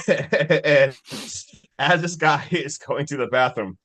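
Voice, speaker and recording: A man co-hosting a podcast, excitedly retelling a horror movie plot in casual chat, full of fillers and swearing. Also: on the high side, slow. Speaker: podcast co-host.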